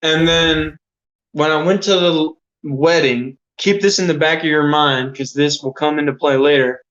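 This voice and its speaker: A man's voice: fairly high pitch, steady tone, normal speed, a bit bright. A man in his thirties telling a long story casually as an interview guest, rambling, swearing often and filling his talk with "like". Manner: rambling, swears a lot, many "like" fillers. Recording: dull lo-fi recording.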